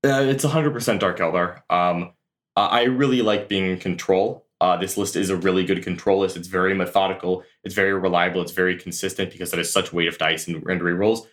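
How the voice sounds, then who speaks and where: A man's voice: deep voice, fairly even intonation, brisk, fairly bright tone. A man being interviewed on a podcast, answering earnestly and thoughtfully, with many fillers and restarts. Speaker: guest tabletop tournament player.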